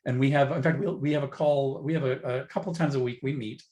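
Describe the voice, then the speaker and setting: A man's voice: medium pitch, steady tone, fast, mellow. A man talks over a remote call as an interview guest. He rambles, restarts his sentences and pokes fun at himself in an easygoing, chatty way. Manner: rambling, self-deprecating, many restarts. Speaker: guest writer. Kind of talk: casual interview chat.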